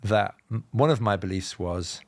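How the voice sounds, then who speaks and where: An Englishman with a Southern, BBC-style received pronunciation accent and a fairly low voice, recorded without echo, appears as a podcast guest. He tells reflective personal stories in a measured, explanatory way, with self-deprecating humour.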